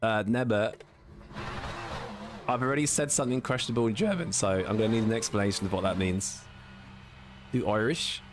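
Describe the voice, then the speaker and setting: A man's voice: fairly low pitch, brisk, long pauses, music in the background. A British man with a British English accent, chatting casually on a live stream while sim racing, reading chat aloud and laughing easily. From Britain.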